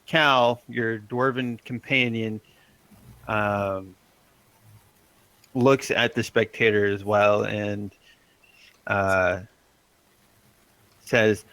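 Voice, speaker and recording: A man's voice: fairly low pitch, steady tone, drawn-out words, long pauses, fairly bright tone, clear, resonant tone, dry recording, rough recording. A man running a tabletop game as game master, loose and laughing, with lots of fillers.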